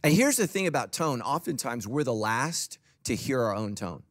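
A man's voice: mid-range voice, big pitch swings, moderate pace. A middle-aged man preaching a sermon as a pastor, humorous and conversational.

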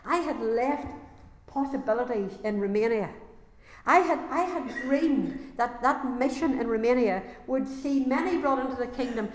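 A woman's voice: on the high side, animated, normal speed, slight background noise. A woman giving an earnest, emotional personal faith testimony to a gathering. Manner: earnest, emotional, growing intense. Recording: echoey hall with long reverb.

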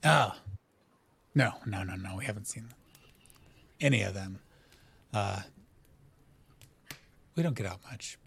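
A man playing a gruff, gravelly old delver elder. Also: fairly low pitch, takes it slowly, long pauses, fairly bright tone, slight background noise, heavily acted. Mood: dismissive. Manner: terse and matter-of-fact. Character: gnarled old male delver elder, scarred and blunt.

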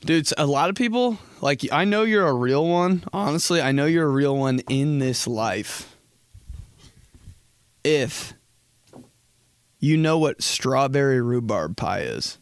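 Young male podcast host, mid-pitched, profane and rambling, dry close mic. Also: animated, unhurried, pauses often, smooth, dry recording. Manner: profane, rambling, jokey storytelling. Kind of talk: solo casual podcast chat.

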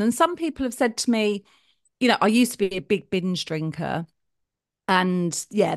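A middle-aged woman co-hosting a podcast, chatting in an animated way and laughing easily. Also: mid-range voice, dry recording, clean studio sound. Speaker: podcast co-host. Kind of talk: casual chat.

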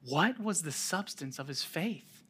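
A man preaching a sermon, telling a scripture story with sudden drops to a near-whisper and rises to loud calls, with chuckling asides. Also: on the high side, lively intonation, unhurried, husky. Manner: chuckles while making light asides.

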